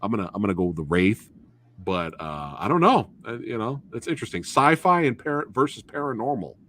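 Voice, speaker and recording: Excitable man with a lively, bright voice. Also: lowish voice, a little fast. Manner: excitable, slangy, full of "dude" and "bro". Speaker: host. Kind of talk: casual movie review chat. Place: live stream, reading chat.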